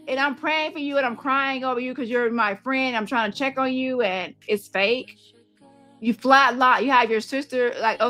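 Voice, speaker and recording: A woman's voice: fairly high pitch, pushed and bright. A woman hosting a commentary stream, talking heatedly and repeating herself as she stacks up accusations. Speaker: host. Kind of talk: casual commentary to camera.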